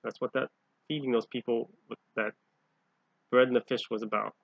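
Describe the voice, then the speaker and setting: A man's voice: mid-range voice, level tone, normal speed, creaky, no echo. A man reading Bible passages aloud and explaining them as a lay preacher, often growing emphatic. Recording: dull, lo-fi home recording.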